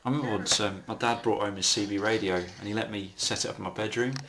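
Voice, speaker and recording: A man's voice: fairly low pitch, steady tone, fast talker, gravelly, background noise. A man co-hosting a casual film commentary, chatty, swearing freely and laughing at his own anecdotes.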